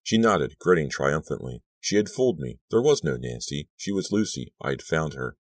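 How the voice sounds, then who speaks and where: A man with an extremely deep voice narrates an audiobook in steady, measured storytelling. The sound is close and completely dry, with no room echo. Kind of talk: scripted narration.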